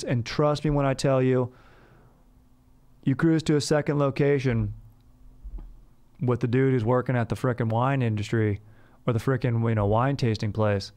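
A man's voice: medium pitch, a little mellow. A man hosting a comedy podcast, rambling in slangy, laid-back banter. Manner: slangy, rambling, says dude a lot. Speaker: podcast host.

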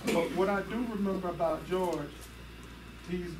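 A fairly high-voiced man speaks gently at a memorial service, pausing and hesitating between thoughts. He sounds distant and roomy, with clear background noise underneath. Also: steady tone. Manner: gentle, halting with many pauses. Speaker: cousin giving a eulogy. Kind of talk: memorial speech. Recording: echoey hall, distant mic, noisy.

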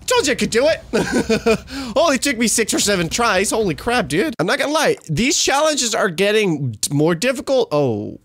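A young man commentating gameplay, excitable, cursing freely and swinging between shouts and mutters. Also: high-pitched, moderate pace, breathy edge. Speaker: gaming YouTuber.

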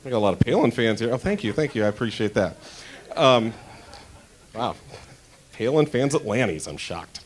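A man's voice: medium pitch, sing-song, moderate pace, long pauses. Chatty man doing stand-up in a club. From Denver. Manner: chatty, self-interrupting, crude punchlines. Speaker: stand-up comedian. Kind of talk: stand-up comedy set. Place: comedy club stage.

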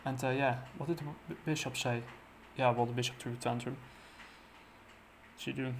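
A man casually recapping a comic book plot, halting and full of fillers and restarts. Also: medium pitch, steady tone, vocal fry, slight background noise.

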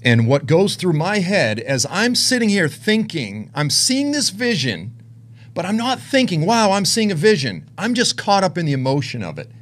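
A man preaching a personal testimony in sermon style, his voice lively and wide-ranging in pitch. He swings between hushed, low moments and intense, raised ones as he tells the story with deep emotion. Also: normal speed.

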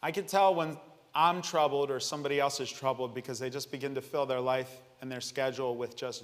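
A man preaching a sermon, reading scripture dramatically and swinging between loud declarations and hushed lines. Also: mid-range voice, fairly even intonation, fairly quick, long reverb tail. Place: church sanctuary.

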